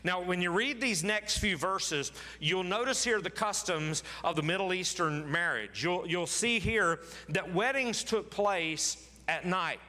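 A man's voice: high-pitched, animated, measured pace, sharp tone, long reverb tail. A man preaching a sermon, reading scripture aloud dramatically and repeating phrases for emphasis. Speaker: pastor.

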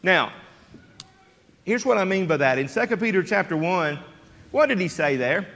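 High-voiced preacher in a reverberant church. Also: male voice, animated, moderate pace. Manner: emphatic, rhetorical questions to the congregation, swings from loud to hushed. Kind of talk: sermon. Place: church sanctuary.

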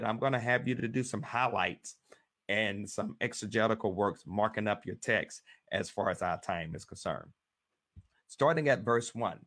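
A man leads a Bible study as pastor, his voice sitting somewhat low. He reads scripture slowly and with emphasis, in an earnest preacher's cadence. The recording is dry, with no room sound. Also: a bit bright, no echo.

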